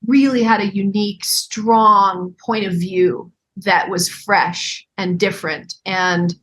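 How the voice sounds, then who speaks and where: Reflective actress chatting as a guest. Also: female voice, medium pitch, fairly even intonation, fairly bright tone. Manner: reflective, halting with fillers and restarts. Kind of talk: casual interview chat.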